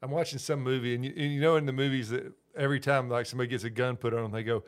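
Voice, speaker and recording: A man chiming into a relaxed conversation in a mid-range voice. He speaks haltingly and often restarts his thoughts. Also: medium pitch, clear, resonant tone. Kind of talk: casual podcast chat.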